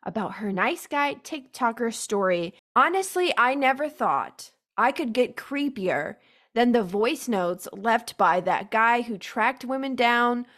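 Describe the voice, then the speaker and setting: A woman hosting a podcast, talking casually and reacting with animated disbelief to her guest. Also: a little high, unhurried. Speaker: podcast host.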